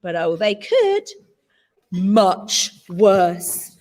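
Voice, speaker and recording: A woman teacher with a British accent reading a picture book aloud in an expressive storytelling voice, adding asides to her listeners. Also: mid-range voice, very slow, long reverb tail. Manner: animated, adds asides to listeners.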